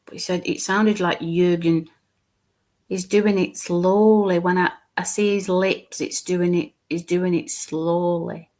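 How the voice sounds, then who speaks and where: A woman with a lowish, darkish voice and a level tone gives a live mediumship reading. She speaks haltingly, repeating words as she describes her visions, and sometimes drops to a murmur.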